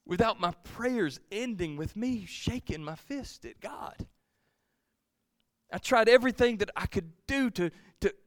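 Pastor with dramatic hushed-to-loud delivery. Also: male voice, sits high, no room sound, clean studio sound. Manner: swings from loud pleading to hushed near-whisper. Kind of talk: sermon.

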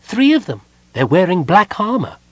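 A man voicing a small, excitable male kender who is chirpy and easily offended. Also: normal speed, no room sound, full character voice. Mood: excited. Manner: shrill, eager, easily offended.

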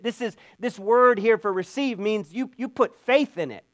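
High, smooth-voiced male preacher. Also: brisk, few pauses, no room sound. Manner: earnest, repeats words while building a point. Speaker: pastor. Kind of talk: sermon.

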